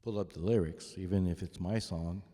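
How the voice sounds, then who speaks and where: Speaking into a close studio vocal mic, a fifties-aged drummer casually shows off vocal microphones to camera from his home studio. His voice is low and warm, with fairly even intonation and a moderate pace. He thinks aloud and corrects himself as he talks.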